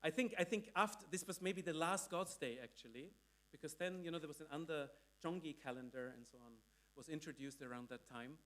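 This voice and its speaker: A man's voice: fairly high pitch, brisk, hardly any pauses, a bit bright. A man giving a sermon, recounting a speech in a conversational way, full of restarts and tag questions. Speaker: preacher. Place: church hall.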